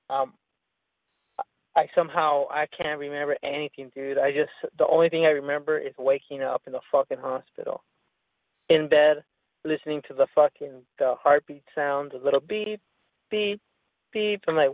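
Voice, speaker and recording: A man's voice: fairly high pitch, level tone, normal speed, no room sound. A man telling a rambling story in casual chat, with lots of profanity and restarts. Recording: tinny phone-line sound.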